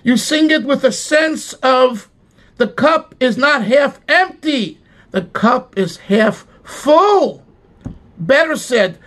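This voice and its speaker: A man preaching a sermon with rising passion and emphatic cries, phrasing his words slowly and deliberately. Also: very high-pitched, a bit bright. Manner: impassioned, swelling to emphatic cries. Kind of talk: sermon with sung melody.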